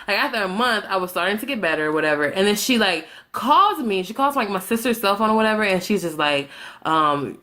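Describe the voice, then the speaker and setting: A young woman telling a breakup story on her vlog, animated and dramatic, swearing freely and acting out both sides of the story. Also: medium pitch, a little fast. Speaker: vlogger.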